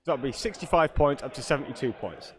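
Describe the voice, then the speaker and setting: A man's voice: medium pitch, expressive, fast talker. A man commentating a tabletop wargame, working through the scoring step by step. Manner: analytical, walks through point totals.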